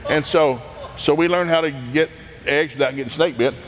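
A man's voice: on the high side, moderate pace, long reverb tail, background noise. Man telling folksy farm stories. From East Tennessee, USA. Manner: animated, laughs often, acts out voices. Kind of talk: folksy anecdotal storytelling.

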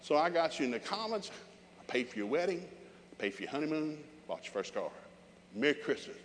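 A man's voice: a little high, sing-song, fast talker, big-room sound, slight background noise. An older man preaching a sermon with humorous, emphatic storytelling.

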